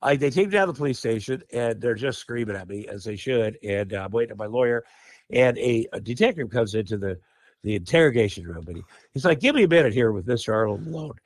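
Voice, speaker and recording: A man's voice: mid-range voice, expressive, quick pace. A man who is a podcast guest, telling a wild story in a loose, profane way and laughing mid-sentence. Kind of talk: casual anecdotal storytelling.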